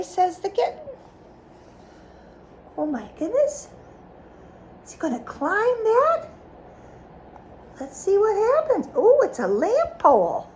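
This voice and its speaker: A woman's voice: extremely high pitch, slow pace, pauses often, a little hiss or hum. A woman reading a picture book aloud to a child, stopping often to ask questions about the pictures. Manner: animated, asks the child questions.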